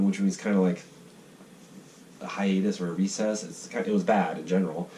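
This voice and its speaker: A man from the United States talks in a loose, rambling monologue, swearing freely and slipping into mock voices. His voice sits low and dark. He is picked up from a distance, with faint noise behind. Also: fairly even intonation, normal speed. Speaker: vlogger sketching ideas.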